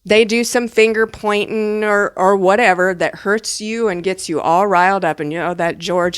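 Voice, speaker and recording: Chatty lady doing a spiritual teaching, lively and playful, close dry mic, middle pitch. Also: moderate pace, few pauses, clean tone, no room sound. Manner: animated, chatty, playful asides.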